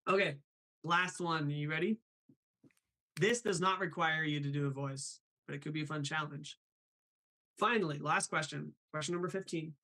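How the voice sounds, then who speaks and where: A man hosting a live stream in a casual, chatty way, apologetic and quick to laugh. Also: on the high side, pushed and bright.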